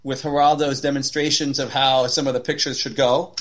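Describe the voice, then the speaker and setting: A podcast co-host chats casually, rambling with many fillers and restarts. His medium-pitched voice is level in tone, brisk, and fairly bright, with a little hiss or hum in the recording.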